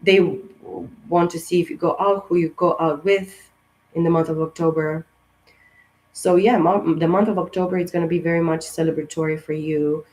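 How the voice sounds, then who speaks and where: Speaking directly to the camera, this tarot reader rambles through a relaxed astrology reading at a moderate pace, her mid-range voice steady and somewhat dark. Fillers and false starts abound, broken up by encouraging remarks aimed at the viewer. She sounds strained and sensitive, as she admits she's been feeling recently, and the recording quality is low.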